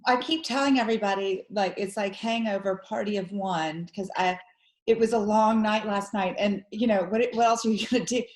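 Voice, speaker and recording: A woman's voice: medium pitch, fairly quick, a little mellow. A woman in her forties from Georgia with a Southern accent, a guest chatting casually and laughing easily. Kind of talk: casual interview chat. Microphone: video call. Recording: echoey room on a video call.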